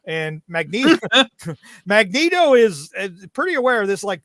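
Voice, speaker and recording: A man's voice: high voice, very animated, a little slow, fairly bright tone, dry recording. A man hosting a comic book podcast, talking casually and animatedly, laughing often and reading lines from the comic in mock voices. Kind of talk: casual chat.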